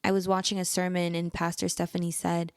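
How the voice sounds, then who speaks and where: A woman's voice: lowish voice, monotone, fairly quick, smooth, no room sound. Earnest woman giving advice, dry sound. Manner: earnest, encouraging, speaks directly to the listener. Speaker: podcast host. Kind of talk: personal advice monologue.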